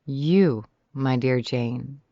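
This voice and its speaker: A storybook reader voicing a towering demon man in human form who speaks coldly and deliberately, in a slightly dull, dry recording. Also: mid-range voice, no echo. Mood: cool. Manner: cold, curt, slow and deliberate.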